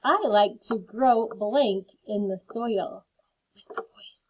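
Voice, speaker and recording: Over phone-like, lo-fi audio, a woman with a mid-range voice slowly takes children through a phonics lesson. She sounds out each word with care and drops in friendly, chatty asides.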